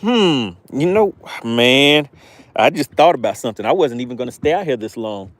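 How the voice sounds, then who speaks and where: A man hosting a live fishing stream from a boat outdoors, reading chat and shouting playful catchphrases. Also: medium pitch, animated, moderate pace, no echo. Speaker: fishing livestream host.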